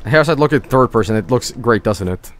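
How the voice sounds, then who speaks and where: Excitable male streamer with a lively voice. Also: medium pitch, a little fast, faint music behind. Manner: excitable, joking, slips into silly voices. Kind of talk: casual gameplay commentary.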